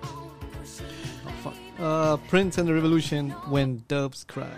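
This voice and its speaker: A man's voice: a little high, fairly even intonation, moderate pace, soft background music. A man co-hosting a podcast, joking and crude in casual chat. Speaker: podcast co-host. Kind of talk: casual banter.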